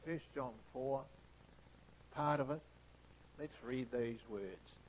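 A man preaching a sermon with emphatic delivery that swings between hushed, soft phrases and loud, stressed ones. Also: medium pitch, slow pace, slight background noise, poor audio.

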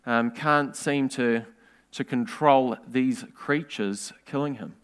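A man preaching a sermon in an earnest, measured way, asking rhetorical questions. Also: mid-range voice, fairly bright tone, clear, resonant tone.

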